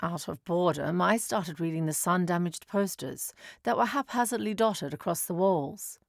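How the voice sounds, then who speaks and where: A woman with a lowish voice narrates a first-person story. Her delivery is wry and dry, and the recording is close with no room sound. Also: moderate pace, creaky, no room sound.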